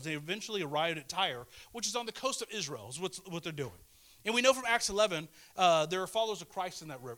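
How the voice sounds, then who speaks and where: A man's voice: sits high, pushed and bright. A middle-aged male pastor preaching a sermon in a conversational way, repeating phrases and asking the congregation questions. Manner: conversational, repeats himself and restarts, asks the audience questions.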